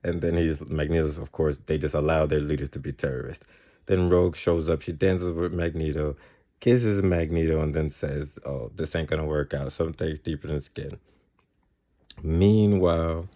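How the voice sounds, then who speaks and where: Low, mellow-voiced male reviewer; loose, rambling recap that keeps backtracking to fix details. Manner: rambling, often correcting himself mid-sentence; quotes characters in his plain voice. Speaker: TV episode reviewer. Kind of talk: casual episode recap.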